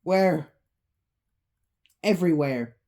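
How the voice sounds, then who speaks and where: A woman voicing a frightened young woman who delivers grave, drawn-out warnings. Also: sits low, dark tone. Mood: urgent.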